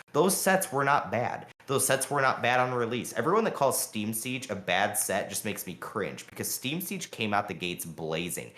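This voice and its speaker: A man co-hosting a podcast, talking fast and heatedly in a long rambling rant full of fillers. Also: on the low side, a bit bright, echoey room. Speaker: podcast co-host. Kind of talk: casual podcast chat.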